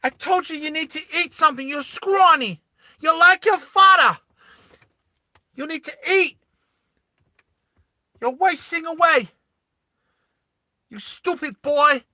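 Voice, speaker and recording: Harsh Italian mother, shrill and scolding, high pitched, put on by a man in a storytime. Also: slow pace, pauses often, sharp tone, no room sound, exaggerated voice. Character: harsh abusive Italian mother, middle-aged.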